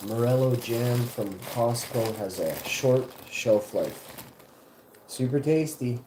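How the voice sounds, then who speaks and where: A man's voice: medium pitch, slow, reverberant, noisy background. A man hosting a casual livestream from his home kitchen, cooking while he rambles, jokes and cuts himself off mid-thought. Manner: joking, meandering, self-interrupting. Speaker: livestream host.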